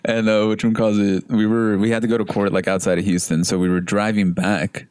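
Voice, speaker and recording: A young man co-hosting a podcast, telling stories in a relaxed way, full of "like" and fillers. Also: fairly low pitch, brisk, clean tone, no echo, studio quality. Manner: relaxed, filler-heavy storytelling. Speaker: podcast co-host. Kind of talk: casual podcast chat.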